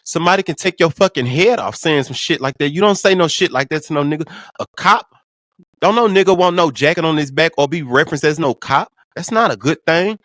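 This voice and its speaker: Guy doing a big stern mentor dude, blunt cussing orders, kinda high voice, dry sound. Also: animated, brisk, fairly bright tone, no echo. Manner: blunt, profane commands. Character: stern towering man, protective prison mentor.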